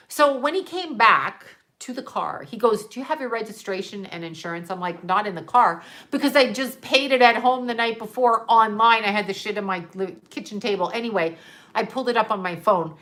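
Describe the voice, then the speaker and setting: A woman's voice: mid-range voice, a bit bright. A middle-aged woman telling a story in a casual, blunt and sarcastic way, swearing freely and laughing often. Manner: ranting, profane, laughs often.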